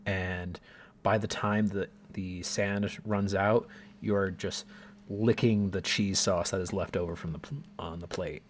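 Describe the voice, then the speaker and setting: A man narrates a tabletop game as game master in a lowish voice. He describes each scene in an easygoing way, with many filler words. A faint room ambience sits behind him. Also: steady tone, measured pace, a little hiss or hum.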